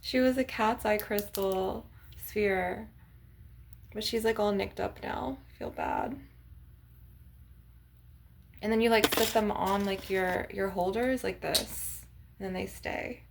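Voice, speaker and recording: A woman's voice: medium pitch, steady tone, takes it slowly, vocal fry, long pauses, slight background noise. A young woman vlogging casually to her viewers, rambling with lots of "like" and "you guys" as she shows off her crystals. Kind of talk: casual chat to camera.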